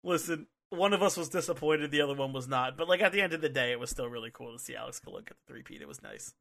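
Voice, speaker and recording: A man co-hosting a podcast, talking in a casual, excitable way with lots of fillers and restarts into a microphone. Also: a little high, fast talker, gravelly. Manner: excitable, rambling with many fillers. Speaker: podcast co-host. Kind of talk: casual chat. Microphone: studio microphone.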